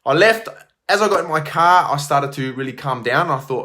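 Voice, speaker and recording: A man's voice: mid-range voice, moderate pace, sharp tone. A middle-aged man, telling a story casually to camera as a gym owner, rambling with many fillers and restarts.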